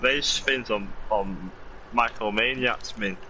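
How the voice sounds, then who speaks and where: A man's voice: lowish voice, slow, bright, forceful tone, slight background noise, poor audio. A man chatting casually with a friend who is streaming a game, laid-back and tossing in suggestions. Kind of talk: casual chat.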